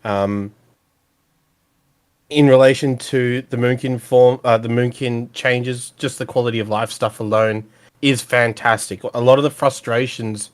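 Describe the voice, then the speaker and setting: A man's voice: medium pitch, fairly even intonation, a little slow. Upbeat, teasing man on a podcast. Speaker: podcast guest. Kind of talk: casual podcast chat.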